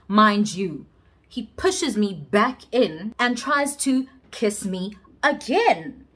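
Animated South African woman telling a story. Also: on the high side, slow. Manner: animated, dramatic, emphatic. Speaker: vlogger telling a personal story. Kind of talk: storytime vlog.

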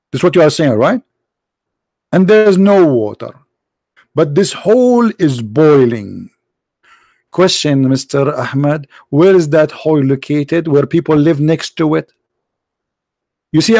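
Man, non-native English, sarcastic debate host, fairly high voice, dry sound. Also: a little mellow, no room sound. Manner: mocking, sarcastic, repeats "brother" often. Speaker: host of a call-in religious debate show. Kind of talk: heated live debate with callers.

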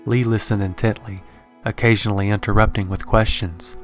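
Male horror narrator, low-pitched and steady, over quiet background music. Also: normal speed. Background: faint horror background music.

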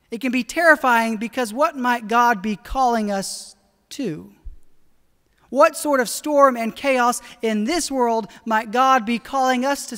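A high-voiced woman preaching a sermon in a church sanctuary. She speaks earnestly and draws out her key phrases. A long, ringing reverb hangs on every word. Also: a bit bright. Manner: earnest, slows down for emphasis. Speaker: pastor.

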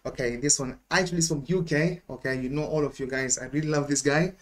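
A man hosting a music reaction video in a casual, excitable way, laughing often and tagging his sentences with "man" and "okay?". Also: a little high, quick pace.

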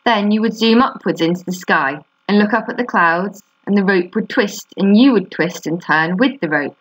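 A woman teacher reading a children's book aloud to a class, steady and expressive. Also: medium pitch, moderate pace, low-quality recording.

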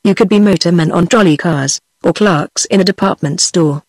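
A woman's voice: lowish voice, normal speed, no room sound. A woman with a British English accent, a synthetic voice, reading the lines of an earnest young girl in a storybook. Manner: earnest, reproving.

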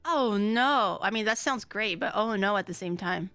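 Bright, giggly woman. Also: mid-range voice, lively intonation, no room sound, soft background music. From Canada. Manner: playful, giggly, quick banter. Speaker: guest streamer. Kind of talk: casual livestream chat.

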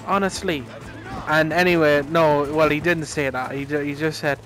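A man's voice: on the high side, steady tone, normal speed, a bit bright, soft background music, poor audio. A young man rambling through a casual story over gameplay, swearing a lot and laughing at his own rant. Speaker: gaming commentator.

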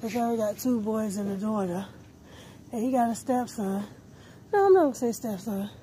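This woman's fairly high, warm voice moves at a fairly quick clip as she films a casual shopping vlog on her phone in a discount store. Muffled and short of breath under a face mask, she chatters to herself in slang amid the store's background noise.

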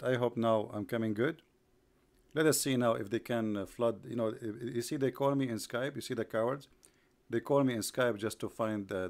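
A man's voice: lowish voice, vocal fry. A man hosting a live online broadcast, mocking his subject with sarcastic rhetorical questions, repetition and bursts of laughter. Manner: rhetorical, repeats himself.

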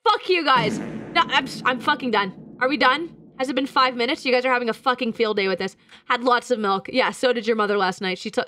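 A woman's voice: on the high side, a bit bright, no echo. A young woman streamer chatting casually with her chat, crude and teasing, laughing often. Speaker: VTuber streamer.

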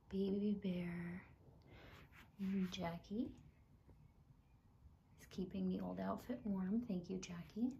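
A woman chatting casually to camera about her collection, often dropping into soft whispers. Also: mid-range voice, fairly even intonation, unhurried, gravelly, pauses often, slight background noise. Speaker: doll collector vlogger.

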